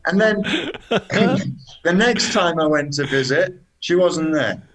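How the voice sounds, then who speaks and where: A man telling lively travel anecdotes as a guest, dropping "man" into his sentences. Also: on the high side, takes it slowly, a little hiss or hum, rough recording. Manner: animated anecdotes, says "man" often. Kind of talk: casual storytelling chat.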